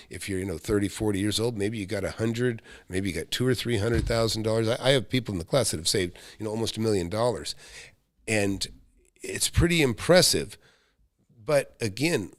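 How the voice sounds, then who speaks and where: A man's voice: on the low side, no echo, studio quality. A middle-aged American man hosting a live stream about making money, talking bluntly, swearing now and then, with lots of restarts. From United States. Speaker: real estate coach hosting a live Q&A stream. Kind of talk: live-stream chat with viewers.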